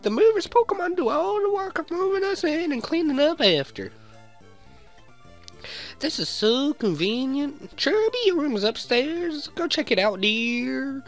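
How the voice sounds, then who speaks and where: A man putting on a cooing falsetto mom. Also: sing-song, a little slow, faint music behind, exaggerated voice. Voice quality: high falsetto. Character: sweet doting mother, middle-aged woman. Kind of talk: reading game dialogue aloud.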